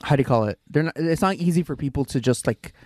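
A man's voice: fairly high pitch, lively intonation, fast talker, a little mellow. A man in a casual podcast conversation, talking with fillers and restarting as he searches for words. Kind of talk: casual chat.

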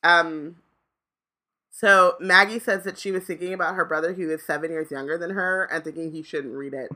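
Bright-voiced, animated podcast co-host. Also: mid-range voice. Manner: animated, halting, emphatic. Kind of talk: casual chat.

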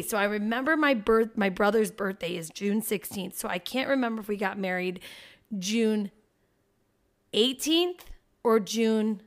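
A woman in her thirties co-hosting a casual chat show, animated and profane, laughing often and acting out quotes. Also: mid-range voice. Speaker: podcast co-host.

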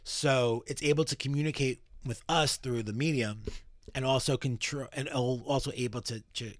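A man's voice: mid-range voice, steady tone, moderate pace, no room sound. A man hosting a podcast and summarizing a story casually, with fillers and the odd swear. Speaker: podcast host.

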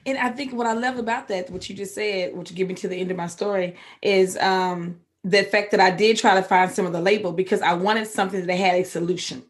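A woman's voice: medium pitch, steady tone, fairly quick, hardly any pauses. Candid Texan woman telling her story. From Texas. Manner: candid, emotional storytelling with sudden loud outbursts. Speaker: guest. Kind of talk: personal recovery story.

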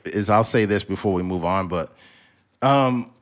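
A man's voice: sits low, measured pace. A man co-hosting a podcast in casual chat, cursing freely and mimicking voices for comic effect. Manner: animated, swears freely, mimics voices for jokes. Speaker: podcast co-host.

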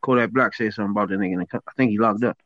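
A man's voice: lowish voice, rapid-fire, dry recording, dull audio. A man co-hosting a casual chat, riffing in street slang and laughing in disbelief. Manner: animated, laughing, incredulous outbursts in slang.

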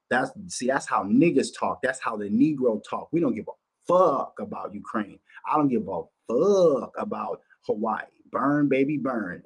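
A man's voice: mid-range voice, slightly rough. A man from Minnesota hosting a livestream, talking bluntly and profanely in a loose, repetitive monologue. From Minnesota, USA. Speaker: livestream host.

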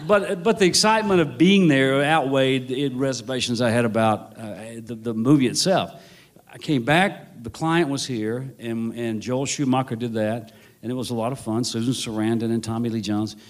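A man's voice: mid-range voice, moderate pace. Wry man telling a long anecdote. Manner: rambling, self-correcting, wry. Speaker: novelist guest. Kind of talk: anecdotal storytelling.

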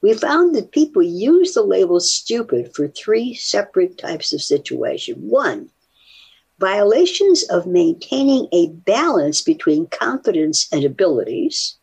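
An older woman, a psychologist, chatting casually and reading a study aloud with animated asides. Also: mid-range voice, a little slow, slightly rough. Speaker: psychologist guest.

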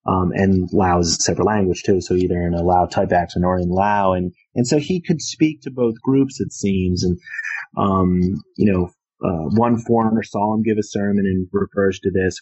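A man's voice: low voice, darkish tone, husky. A man, an author, telling a long story about his book in a casual, rambling way with many fillers. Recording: dull lo-fi sound.

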